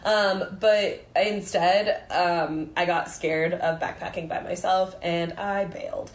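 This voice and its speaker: A woman's voice: on the low side, steady tone, slow. Joking woman co-host in a roomy space. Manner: self-deprecating, swearing, joking. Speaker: podcast co-host. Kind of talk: casual chat.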